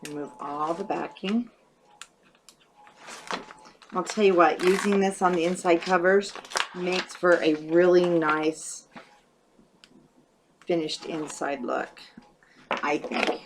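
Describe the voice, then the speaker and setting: A woman's voice: on the low side, fairly even intonation, slow, long pauses, background noise. A woman casually talking through a paper craft project step by step, thinking aloud as she works. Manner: chatty, thinks aloud while working. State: hiccups. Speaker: craft tutorial host.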